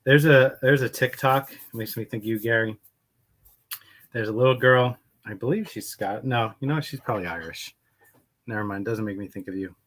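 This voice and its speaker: A man's voice: fairly low pitch, a little fast, long pauses, a bit bright. A man hosting a casual painting livestream, chatting in a rambling way and greeting viewers by name. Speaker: livestream host painting miniatures.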